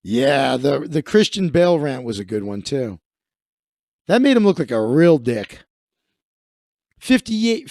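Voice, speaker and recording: A man's voice: on the high side, a little mellow, no room sound, studio quality. A man hosting a comedic live stream, reading news aloud with sarcastic, profane asides. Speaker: host.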